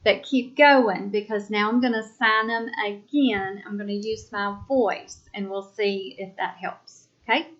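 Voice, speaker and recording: A woman teaching a sign language class, calling out quiz items slowly and deliberately, then explaining each sentence. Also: mid-range voice, fairly bright tone. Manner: slow, deliberate, spells out each item. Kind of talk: slow classroom quiz dictation. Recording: dull lo-fi recording.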